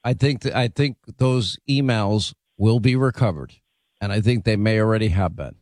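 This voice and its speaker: A man's voice: on the low side, normal speed, a little mellow, no echo. Assertive middle-aged male host, dry sound. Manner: assertive, confident predictions. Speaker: interview host. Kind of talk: interview commentary.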